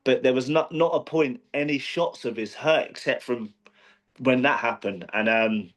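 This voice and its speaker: A man in a casual interview, speaking at an ordinary mid pitch. He rambles through his story with fillers and restarts. His tone is plain and conversational. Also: normal speed, fairly bright tone. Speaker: professional boxer, interview guest.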